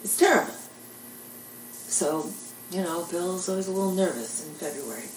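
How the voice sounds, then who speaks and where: A woman's voice: on the low side, lively intonation, normal speed, reverberant, recorded from a distance, a little hiss or hum, rough recording. An older woman telling jokes and rambling stories in a chatty, self-deprecating way. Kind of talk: casual storytelling monologue.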